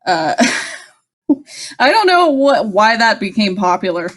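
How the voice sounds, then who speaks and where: A woman's voice: mid-range voice, sing-song, unhurried. A woman co-hosting a casual podcast, recapping an episode with frequent laughs and swearing. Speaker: podcast co-host. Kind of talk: casual rewatch chat.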